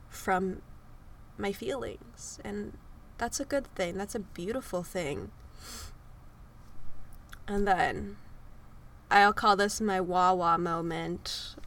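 A woman's voice: mid-range voice, pushed and bright. A young woman in her twenties hosting a podcast, talking through a personal story in an emotional, tearful way and laughing at herself. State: sniffly from crying. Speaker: podcast host. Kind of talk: personal confessional monologue. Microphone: close microphone.

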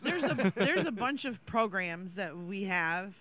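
A man's voice: high voice, lively intonation, measured pace, a loud crowd. A man co-hosting a podcast, explaining social issues in an earnest, blunt casual chat. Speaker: podcast co-host.

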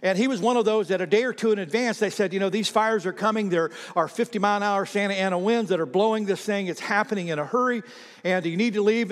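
A man preaching a sermon as pastor, animated, repeating himself and calling on the congregation to read aloud. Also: high voice, quick pace, big-room sound. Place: church sanctuary.

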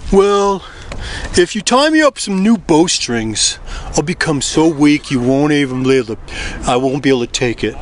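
A man's voice: a little high, expressive, normal speed, a little hiss or hum, natural voice. A man voicing a young strongman hero who hesitates and bluffs as he lies. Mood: bluffing.

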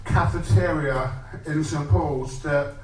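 A man with a high voice performs a goofy parody song, loose and chuckling as he goes. He speaks slowly and sounds distant. The room echoes, with clear background noise. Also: fairly even intonation. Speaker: open-mic comedian.

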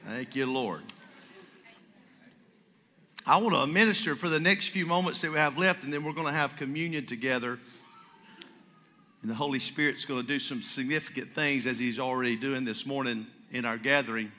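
In a mid-range voice at a moderate pace, broken by long pauses, a pastor tells stories in his sermon and lively acts out the dialogue. He uses a stage microphone in a church sanctuary full of congregants, and the hall echoes.

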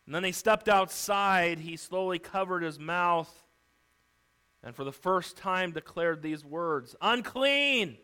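A man's voice: sits high, steady tone, slow, sharp tone, smooth. A man preaching a sermon, retelling a story vividly and theatrically.

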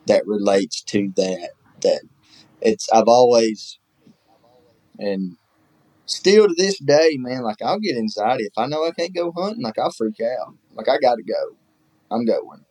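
A man's voice: medium pitch, expressive, measured pace, darkish tone, dry recording, poor audio. A man, a guest telling rambling, folksy stories in casual chat, full of fillers. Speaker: guest, hunting show host.

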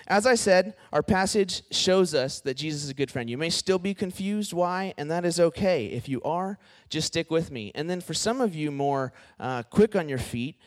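A man preaching a casual youth sermon, joking and acting out quoted friends. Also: on the high side.

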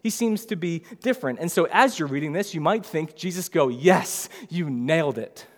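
A pastor delivers a sermon in a relaxed, talkative style, slipping into lively voices to act out scenes from scripture. His voice sits a little higher than most men's. The sound carries the long reverb of a large church sanctuary. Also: fairly quick. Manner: conversational preaching, acts out biblical dialogue in lively voices.

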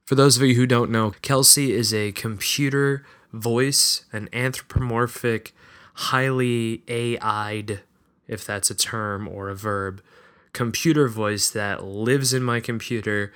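A man's voice: mid-range voice, takes it slowly, a bit bright. A man hosting his own podcast, talking casually and rambling with hesitant asides. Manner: rambling, self-deprecating, hesitant. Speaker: podcast host.

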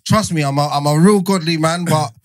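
A man's voice: fairly high pitch, brisk, crowd noise. A man, a podcast guest, joking and bragging in street slang. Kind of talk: casual banter.

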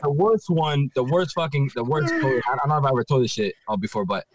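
Brief: male podcast host, fast talker, lively pitch, dry close sound, profane storyteller. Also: no echo. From Puerto Rico heritage, living in Philadelphia. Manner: swears constantly, animated retelling with acted-out quotes.

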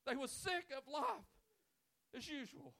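A male pastor preaching a sermon in church, swinging from loud pleading to quiet, intimate talk. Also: very high voice, expressive, measured pace, gravelly. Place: church sanctuary.

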